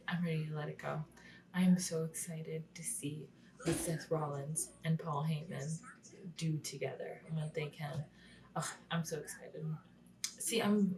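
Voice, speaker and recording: Young woman rambling casually, lots of likes and whispery bits, lowish voice, mic kinda far. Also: darkish tone. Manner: chatty, frequent "like", drops into whispers, swears. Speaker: wrestling vlogger. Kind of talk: casual recap vlog.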